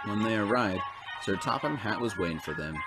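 A man narrating a toy train story in an animated storybook manner. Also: lowish voice, a little fast, over loud music.

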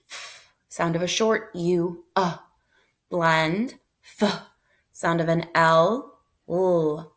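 A woman teacher giving a phonics review lesson, sounding out letters one by one and blending them into words, with encouraging praise. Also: on the low side.

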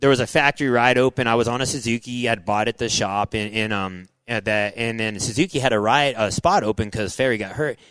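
A middle-aged man, a former motocross racer, telling animated stories as an interview guest, full of "like" and "dude" and acting out his own past thoughts. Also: medium pitch, a little fast, few pauses, smooth, no room sound, poor audio. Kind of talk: animated storytelling in casual interview.

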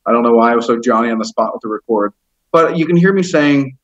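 A man's voice: mid-range voice, little pitch movement, fast talker, poor audio. A man as an interview guest, telling his story in a heated, rambling way, swearing often and stumbling over fillers. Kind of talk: casual storytelling.

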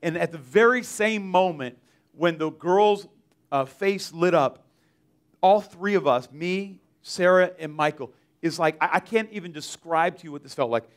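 In an unhurried voice on the high side, a man recounts his mission trip testimony during a church service. It's casual and meandering, filled with "like"s, fillers and frequent restarts.

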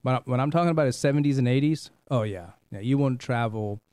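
A middle-aged man from India, hosting a talk show and telling stories in a casual, animated way, often repeating words. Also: medium pitch, fast talker, clear, resonant tone, no echo, studio quality. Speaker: host. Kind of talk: casual storytelling chat.

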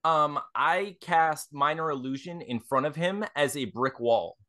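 A man's voice: on the high side, measured pace, sharp tone. A man playing a tabletop game, talking hesitantly and restarting his sentences. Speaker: player. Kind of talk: casual tabletop play.

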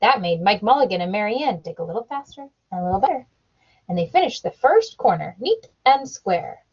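A woman, a mother, reading a picture book aloud to her child at home, animated and playing up the sound effects. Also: medium pitch, a little fast, breathy edge. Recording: dull lo-fi home recording.

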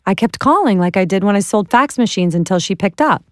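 A woman being interviewed, telling self-deprecating stories in a lively way and laughing often. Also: medium pitch, a little fast, no echo, studio quality. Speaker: entrepreneur guest. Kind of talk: animated storytelling in an interview.

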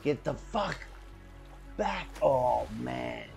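A man hosting a reaction video, talking casually and excitably and swearing freely as he comments. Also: mid-range voice, drawn-out words, gravelly, faint music behind.

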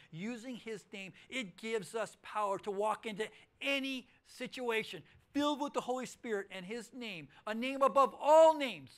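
A high-pitched male pastor in middle age delivers a sermon in a church auditorium. He tells his story with swings between loud, pressing emphasis and quiet, hushed lines. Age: middle-aged.

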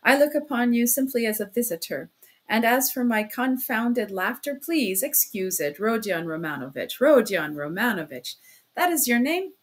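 A rambling, excitable middle-aged investigator, fussy and fawning , as a woman reads him in an audiobook. The voice sits fairly high and pushes up even higher and louder in bursts. He talks on and on without pause. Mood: flustered.

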